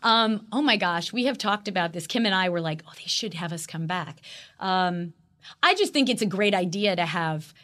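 A middle-aged actress chatting as an interview guest, bubbly and rambling, with lots of fillers and restarts. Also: female voice, fairly low pitch, lively intonation, normal speed, a bit bright. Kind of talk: casual interview chat.

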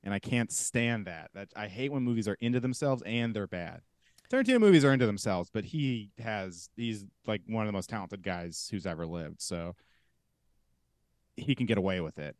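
A man's voice: fairly low pitch, animated, normal speed, no echo. A young man co-hosting a podcast, talking casually and scornfully with plenty of filler words. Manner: opinionated, scornful, many "like" fillers. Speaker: podcast co-host.

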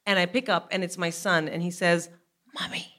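Bright-voiced woman telling a comic story. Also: lowish voice, fairly quick. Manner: animated storytelling with laughs in her voice. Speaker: comedian guest. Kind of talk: comic anecdote on a live podcast.

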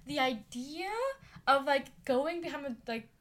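A woman's voice: high voice, a little slow, a bit bright. A teenage girl hosting a podcast, chatting casually with lots of fillers and giggles. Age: teens. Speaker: podcast host. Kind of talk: casual chat.

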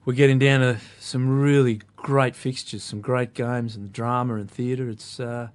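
A man's voice: medium pitch, steady tone, a little slow, clean tone. A man speaking as a rugby pundit in the studio, earnest and emphatic.

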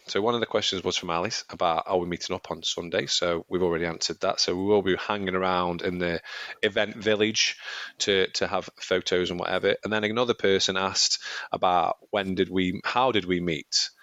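A man co-hosting a casual podcast, rambling through his stories and laughing often. His voice sits fairly low. The recording is dry and a little dull. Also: fairly even intonation, a little fast, a bit bright, no echo. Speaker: podcast co-host. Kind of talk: casual chat.

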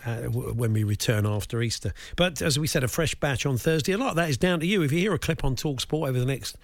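A man's voice: medium pitch, expressive, quick pace, gravelly, no room sound. A man hosting a radio show, introducing old clips with wry, dry asides and chuckles. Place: radio studio. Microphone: studio microphone.

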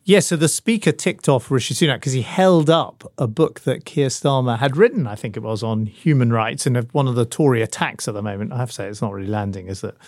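A man's voice: mid-range voice, a little fast, few pauses, a little mellow, no room sound, clean studio sound. A middle-aged man co-hosting a political podcast, talking thoughtfully and hedging his points with asides. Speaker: podcast co-host, former minister.

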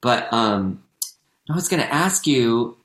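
An American man, an actor and comedian, chatting casually on a podcast in a rambling, self-correcting, animated way. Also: mid-range voice, slow pace. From United States. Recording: roomy echo.

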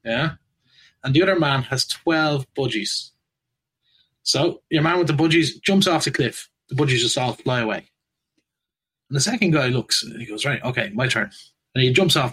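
A man cracking jokes on a podcast, popping into quick voices for the punchlines and laughing at his own gags. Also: medium pitch, a bit bright, slightly rough. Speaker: podcast co-host. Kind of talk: telling jokes in casual chat.

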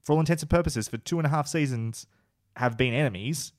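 A man's voice: mid-range voice, fast talker, dry recording. An enthusiastic man talks through favourite scenes on a podcast, rambling and swearing casually. His mid-range voice sits close to the mic in a dry, dead room. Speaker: podcast co-host. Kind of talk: casual chat.

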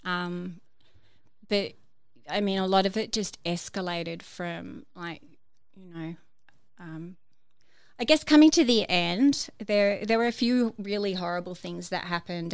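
A woman's voice: on the low side, fairly even intonation, normal speed, clear, resonant tone, dry recording. A woman telling her personal story as a guest, hesitant, with many fillers and restarts. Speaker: podcast guest.

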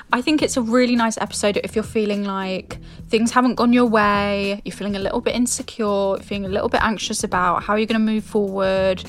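A young woman co-hosting a podcast in casual chat, teasing and laughing often. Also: mid-range voice. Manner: giggly, teasing, warm banter. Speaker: podcast co-host.

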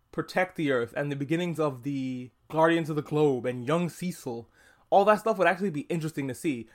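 Animated, profane young male podcast host. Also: on the high side. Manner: animated and profane, acts out characters' lines in quick asides. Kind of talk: casual solo podcast review.

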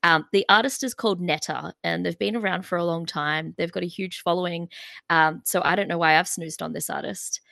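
A woman's voice: on the low side, steady tone, fairly quick, creaky, bright, forceful tone, no echo. A woman co-hosting a music podcast, chatting in a bubbly, filler-heavy way. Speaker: podcast co-host. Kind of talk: casual music podcast chat.

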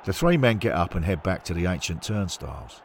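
A man narrating a scripted story in a measured storytelling manner. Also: deep voice, sing-song, gravelly, slight background noise.

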